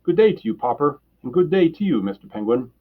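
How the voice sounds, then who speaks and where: A man voicing a puzzled, easygoing policeman in a children's story reading, a little louder and higher than his narration, with a husky voice. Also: very animated, brisk, narrow, tinny audio.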